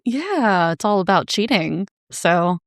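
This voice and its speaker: Wry, gravelly-voiced female podcast host. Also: mid-range voice, very animated, takes it slowly, no echo, studio quality. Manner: wry, amused, laughs often. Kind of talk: casual chat.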